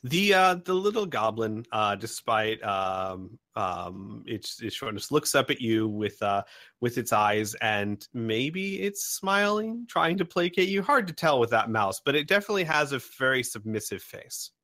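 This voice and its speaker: Lively-pitched man running a tabletop game. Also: normal speed, no echo, studio quality. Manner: rambling narration with many fillers. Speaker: game master.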